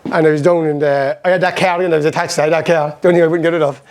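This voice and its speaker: Middle-aged Irish man, high-voiced, fast, animated storyteller at a motivational seminar. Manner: rapid, animated storytelling that acts out past conversations. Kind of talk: motivational seminar talk with personal stories.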